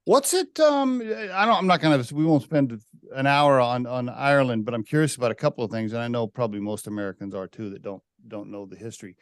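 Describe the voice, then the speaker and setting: A man hosting a podcast in a loose, conversational way, his questions wandering and restarting as he goes. His voice is mid-pitched and the recording is dry and close, with little room sound. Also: brisk, clear, resonant tone, no echo. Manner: chatty, rambling with restarts. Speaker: podcast host. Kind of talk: casual interview.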